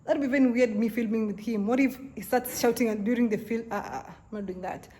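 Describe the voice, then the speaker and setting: A woman's voice: on the high side, brisk, warm tone. Young woman telling an exasperated story. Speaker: vlogger. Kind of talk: casual storytelling vlog.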